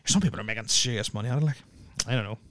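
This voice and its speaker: Swearing, rambling Irish podcast host. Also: male voice, mid-range voice, rapid-fire, fairly bright tone, no room sound, clean studio sound. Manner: rambling, swears constantly, heavy use of "like". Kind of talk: casual podcast chat. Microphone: close podcast mic.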